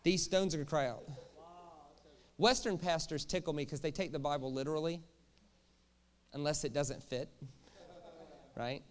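Lively, joking male preacher. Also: a little high, moderate pace, pauses often. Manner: jokey, animated, asks the crowd questions. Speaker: pastor. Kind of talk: sermon.

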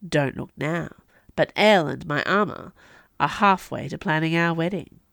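A woman's voice: low voice, moderate pace, fairly bright tone, dry recording, clean studio sound. A woman playing a smug, flirtatious prince. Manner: smooth, self-assured.

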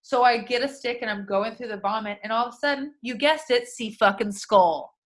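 A woman's voice: a little high, a little fast. A young woman co-hosting a podcast, telling a story in casual chat, swearing freely and acting out what everyone said. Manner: profane, animated storytelling. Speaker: podcast co-host.

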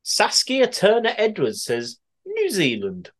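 Podcast host, male, from the West Midlands; animated, giggly delivery. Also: high-pitched, slow. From West Midlands, England. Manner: chatty and giggly, often laughing and swearing. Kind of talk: casual chat, reading listener answers.

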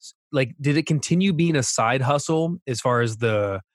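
A man hosting a casual interview podcast, enthusiastic and quick to laugh. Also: medium pitch, dry recording, studio quality. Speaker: podcast host.

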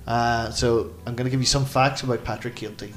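A man's voice: mid-range voice, steady tone, brisk, a bit bright, faint music behind. A man hosting a casual comedy chat show, joking and laughing as he runs a quiz. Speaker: podcast host.

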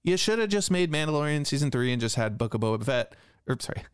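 Man, casual podcast co-host, rambles a little and fills with "like", smooth clear voice, dry close sound. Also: fairly high pitch, animated, quick pace, dry recording. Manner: rambling, restarts often, says "like" and "right?". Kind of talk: casual chat.

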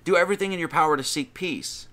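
A man's voice: fairly high pitch, quick pace, sharp tone. A man giving an informal sermon, reading scripture aloud and commenting on it in a conversational way, with frequent restarts and emphatic lists. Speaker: preacher.

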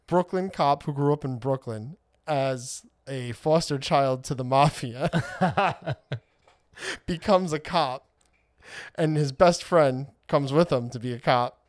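A man casually reviewing a movie on a podcast, excitable, laughing often and swearing. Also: medium pitch, no room sound, clean studio sound. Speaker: podcast co-host.

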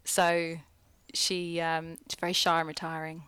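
A woman co-hosting a casual podcast, quick and sarcastic. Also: deep voice, monotone, fairly bright tone, clear, resonant tone, dry recording. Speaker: podcast co-host. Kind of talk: casual banter.

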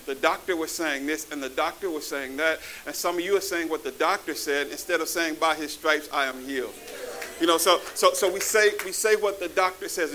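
Preacher man in church, high bright voice, fired up and calling out to the crowd, hissy recording. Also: poor audio. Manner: animated, calls out to the audience, swells to shouting. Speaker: bishop preaching to a congregation. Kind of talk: sermon with testimony. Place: church before a live congregation.

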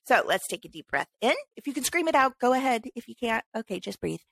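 A woman's voice: a little high, sing-song, fast talker, vocal fry, fairly bright tone, no room sound. A woman co-hosting a casual podcast, talking in an emphatic, ranting way. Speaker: podcast co-host.

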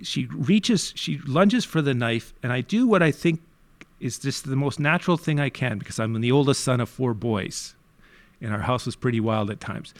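A man from Canada tells his story in a candid interview at a middle pitch. He swings between quiet, low asides and sudden emphatic bursts, often restarting his sentences. The sound is dry and close. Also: gravelly, no echo. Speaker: youth worker telling his story.

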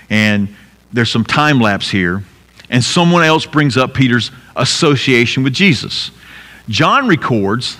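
A male pastor delivers a sermon in a large hall with a long reverb tail trailing each phrase. His voice sits at an ordinary middle pitch, and he talks earnestly, climbing to emphatic peaks before falling low and quiet for weight.

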